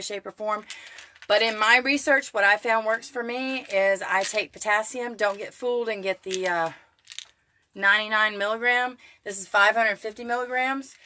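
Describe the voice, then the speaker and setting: A middle-aged woman doing a casual live stream from her home kitchen, chatty and excitable, greeting viewers by name. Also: mid-range voice, slight background noise. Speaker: keto cooking vlogger.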